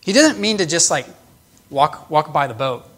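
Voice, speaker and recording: High-voiced earnest male preacher. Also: expressive, normal speed, fairly bright tone. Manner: earnest, explanatory, with emphatic restarts. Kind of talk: sermon teaching.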